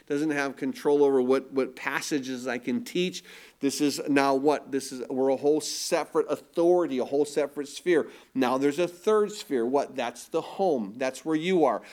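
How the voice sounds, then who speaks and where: A man's voice: medium pitch, normal speed, darkish tone. A man preaching a sermon as pastor, emphatic and asking the congregation rhetorical questions.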